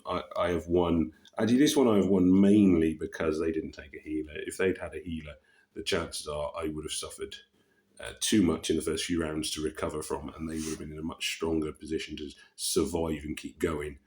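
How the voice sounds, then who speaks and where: A man giving casual commentary over his own puzzle game, relaxed and muttering to himself with frequent pauses and fillers. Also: rumbling low. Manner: relaxed, muttering asides with many ums. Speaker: gaming channel host.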